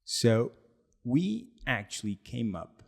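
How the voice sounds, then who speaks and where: An animated man spins a casual podcast story, his pitch swinging widely as he laughs and acts out what others said. His voice has a noticeable gravelly fry, and he sounds relaxed and conversational. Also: slow. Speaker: podcast co-host and product founder.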